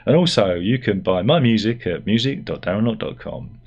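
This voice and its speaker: A man's voice: fairly low pitch, lively intonation, a little fast, a little mellow, dull audio. A middle-aged man giving a rambling, sardonic and self-deprecating opinion monologue as host of his own channel. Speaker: YouTube host.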